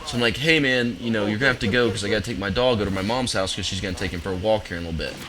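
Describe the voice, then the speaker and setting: A young man commentating his gameplay from a home office, telling a story in a relaxed, rambling, amused way. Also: fairly low pitch, very fast, poor audio. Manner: laid-back, rambling, amused. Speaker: gaming commentator. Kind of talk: casual storytelling over gameplay.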